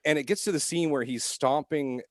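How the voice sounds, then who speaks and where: A man's voice: a little high, moderate pace, dry recording. Dry-sounding man telling profane stories. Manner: profane, animated anecdotes with frequent restarts. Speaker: podcast co-host. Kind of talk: casual chat, storytelling.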